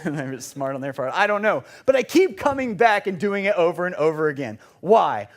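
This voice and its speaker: A young man with a fairly high voice tells a funny, self-deprecating story from the pulpit. He rambles through it with plenty of fillers, speaking in a church service. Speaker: preacher. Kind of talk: storytelling sermon. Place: church sanctuary.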